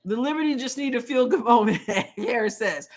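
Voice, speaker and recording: On a live game watch-along, a female host speaks in a fairly high, animated voice at an ordinary pace. She offers strong opinions, calls the plays, and reads viewer comments out loud, dropping play-by-play asides throughout.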